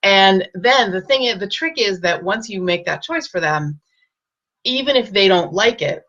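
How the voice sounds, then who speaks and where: A woman hosting a casual live-stream with parenting advice, speaking gently and reassuringly and greeting viewers by name. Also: medium pitch, lively intonation, moderate pace, lo-fi sound.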